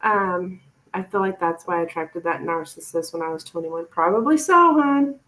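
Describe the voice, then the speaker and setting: A woman's voice: lowish voice, animated, normal speed, sharp tone, rough recording. A woman tarot reader giving a chatty, reassuring live-stream reading to a viewer.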